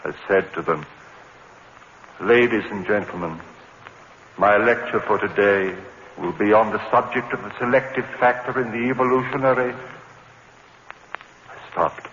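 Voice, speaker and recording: A haunted professor in an old radio-style drama; low, hushed, brooding first-person narration on a dull, faintly hissing recording. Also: male voice, a little slow, pauses often. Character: haunted male professor, tense and bewildered. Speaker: university lecturer. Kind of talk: 1950s broadcast drama narration. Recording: muffled old broadcast recording, faint hiss.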